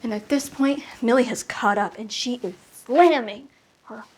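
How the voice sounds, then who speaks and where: A woman's voice: fairly high pitch, slightly rough. Woman telling an intense personal story. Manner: intense, halting, emotional delivery. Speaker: solo comedian. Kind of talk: confessional storytelling monologue. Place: apartment.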